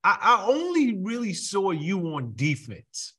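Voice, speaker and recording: A man's voice: high voice, huge pitch swings, a little slow, pushed and bright. A man hosting a casual interview, asking questions with hesitant restarts. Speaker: interview host.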